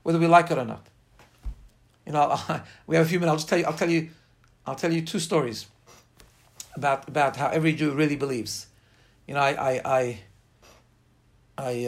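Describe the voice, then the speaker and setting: A man's voice: on the high side, fairly quick, pauses often. A man giving an informal class on faith, speaking earnestly and emphatically and weaving in personal stories. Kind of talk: informal spoken class lecture with personal anecdotes.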